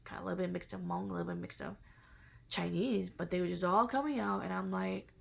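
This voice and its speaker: A woman casually telling a personal story in a halting, reflective way, with many fillers and restarts. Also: on the low side, steady tone, creaky, a little hiss or hum. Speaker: vlogger sharing a personal spiritual story.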